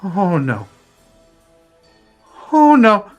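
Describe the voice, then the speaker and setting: A man doing an excitable young woman tinkerer, pitched far above his own voice. She gushes breathlessly and jumps into squeals. Her voice swings wildly up and down. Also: a little fast, dull audio, faint music behind, full character voice. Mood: panicked.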